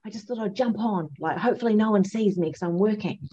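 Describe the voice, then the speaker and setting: Eager young midwife, as a woman quotes her, raised pitch, slightly muffled recording. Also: fast, warm tone, husky, natural voice. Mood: excited.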